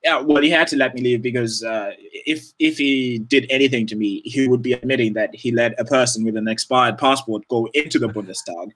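A man's voice: medium pitch, fairly quick, few pauses, a bit bright, rough recording. Man, podcast guest, casual storytelling, laughs often, swears freely.

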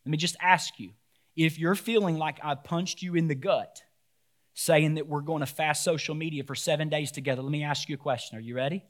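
A man with a fairly high voice preaches a sermon at church. He is animated, rising to loud shouts and then dropping low and quiet to stress his points. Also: a little fast. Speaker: pastor.

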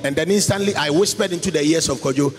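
A man preaching a sermon, in a sing-song voice that swings up to shouts. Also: on the high side, quick pace. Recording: hall reverb with faint music.

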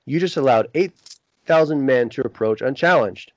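A man casually retelling a TV scene, reading out the dialogue with frequent pauses and fillers. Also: medium pitch, expressive, no room sound, muffled recording. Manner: halting, many "uh" fillers. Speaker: podcast co-host recapping a TV episode. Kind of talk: casual recap, reading lines aloud.

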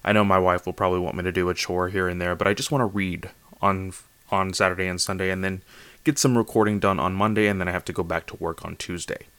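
A man's voice: low voice, steady tone, quick pace, fairly bright tone, clear, resonant tone, no room sound. A man hosting a casual solo manga review podcast late at night, tired and slightly slurring, rambling with lots of fillers and restarts. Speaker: podcast host.

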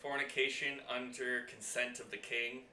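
A man co-hosting a casual podcast, excitable and profane, often laughing. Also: medium pitch, moderate pace, echoey room, a little hiss or hum. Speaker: podcast co-host. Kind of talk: casual chat.

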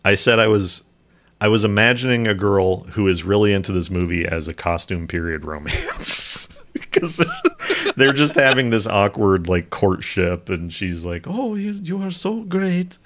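A man's voice: sits low, animated, unhurried, fairly bright tone. A man co-hosting a podcast, casually and animatedly discussing a movie with friends and laughing often. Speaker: podcast co-host.

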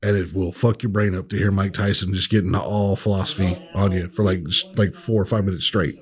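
A man's voice: sits low, little pitch movement, a little fast. A man co-hosting a podcast, chatting casually in a laid-back, profane way. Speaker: podcast co-host. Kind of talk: casual chat.

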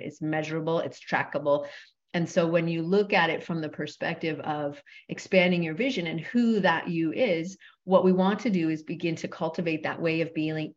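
Smooth-voiced woman, measured and calm. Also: low voice, dull audio. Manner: smooth, measured radio-like delivery. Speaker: guest, personal trainer and yoga instructor. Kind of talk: podcast interview.

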